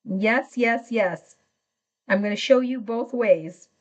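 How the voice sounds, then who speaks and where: A woman's voice: a little high, slow pace, muffled recording. A middle-aged woman hosting a live craft tutorial, chatting enthusiastically and greeting viewers by name as she works.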